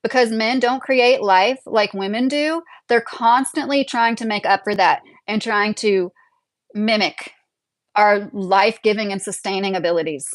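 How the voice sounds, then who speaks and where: Young woman, casual opinionated streamer, mid-pitched, rambling delivery, dry mic. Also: a little slow, no echo. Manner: rambling, opinionated, laughs often. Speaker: livestream host. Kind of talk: casual livestream commentary.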